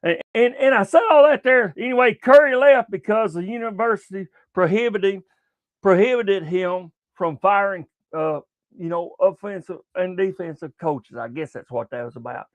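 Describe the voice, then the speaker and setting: Older guy, high voice, dry close sound, cussing sports talk host. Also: moderate pace, dry recording, highs cut off. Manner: profane, repetitive, stumbling restarts. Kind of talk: casual rambling sports talk.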